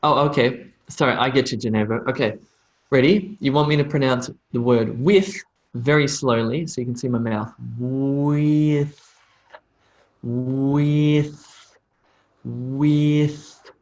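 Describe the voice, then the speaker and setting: A man's voice: mid-range voice, dull audio. Chatty man teaching English pronunciation live. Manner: relaxed, chatty, demonstrates sounds slowly and repeatedly. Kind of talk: live online English lesson answering student questions.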